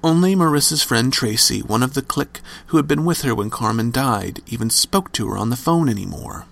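A male narrator tells a horror story with a gravelly, husky voice. His pitch moves a lot, rising and falling for dramatic effect. The delivery is scripted and theatrical. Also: lively intonation, fairly quick, a bit bright. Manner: dramatic storytelling, varied emphasis.

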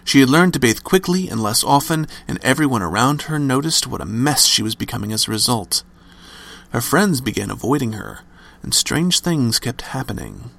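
A man's voice: mid-range voice, very animated, normal speed, gravelly, fairly bright tone. A man narrating a scripted horror story with dramatic, varied emphasis.

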